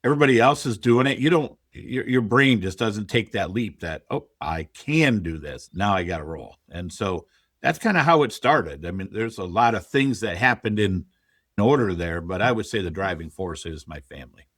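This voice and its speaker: A man's voice: fairly low pitch, expressive, moderate pace, fairly bright tone, no echo, clean studio sound. A middle-aged man, a podcast guest, telling his story candidly and quoting his own past thoughts. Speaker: podcast guest, real estate investor. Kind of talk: conversational interview storytelling.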